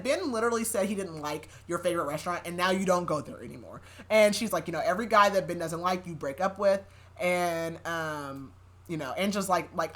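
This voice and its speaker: A young adult woman on a podcast, recapping a novel in casual chat, chatty and quick to laugh, leaning on "like" constantly. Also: on the low side, fairly bright tone. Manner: chatty, laughing often, heavy use of "like".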